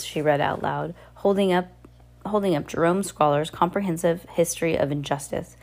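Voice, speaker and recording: Woman reading a novel aloud, slightly low. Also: normal speed, a little mellow. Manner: unpolished, with slips and self-corrections. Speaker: reader.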